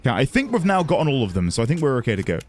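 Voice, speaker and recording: Against a noisy background, a man delivers rapid-fire gameplay commentary in a medium-pitched voice with huge pitch swings. He chats casually and reflectively with viewers and thanks them as he plays.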